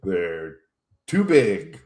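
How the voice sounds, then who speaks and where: A lower-voiced man co-hosting a comedy talk show. He laughs often, pauses with plenty of fillers and plays along with the host's ribbing. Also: big pitch swings, darkish tone. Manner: chuckling often, hesitant with fillers. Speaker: returning co-host. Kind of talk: casual comedic banter.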